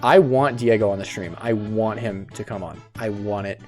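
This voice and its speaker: A man's voice: fairly low pitch, moderate pace. Giggly twenty-something guy streaming from his bedroom, casual storytelling, bit of music behind. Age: 20s. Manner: giggly storytelling, laughs a lot.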